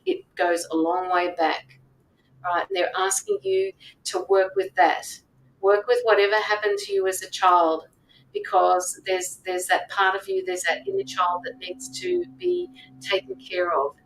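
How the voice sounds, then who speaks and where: A woman's voice: mid-range voice, recorded from a distance, slight background noise, rough recording. A woman reading tarot on a live stream, talking earnestly to viewers, repeating herself and checking in with "right?". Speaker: tarot reader and medium. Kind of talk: live-stream reading, casual coaching talk.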